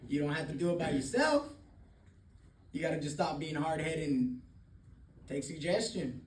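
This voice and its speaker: Guy sharing his story at a meeting, blunt and cussing, kinda high voice, sounds far off in a roomy hall. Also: animated, moderate pace. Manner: blunt, candid, swears freely, laughs often. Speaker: speaker at a recovery meeting. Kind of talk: personal testimony talk. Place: meeting room. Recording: roomy, distant mic, faint noise.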